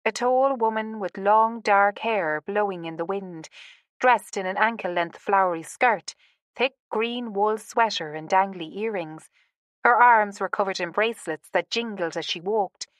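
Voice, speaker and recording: A woman narrating a romance audiobook in a calm, even storytelling manner. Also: mid-range voice, measured pace, no room sound. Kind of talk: scripted narration.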